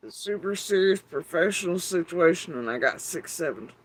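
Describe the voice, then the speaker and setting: A middle-aged man rambles casually to his YouTube viewers, wry and swearing freely, wandering off track with plenty of fillers. His voice sits high with lively intonation at a moderate pace, and the audio quality is poor.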